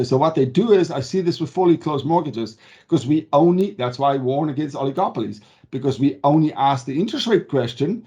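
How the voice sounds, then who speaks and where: A man's voice: medium pitch, warm tone, dull audio. A man working as a mortgage advisor, explaining loans in a conversational way and often checking in with "okay?". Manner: emphatic, stresses key words. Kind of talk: explanatory talk to camera.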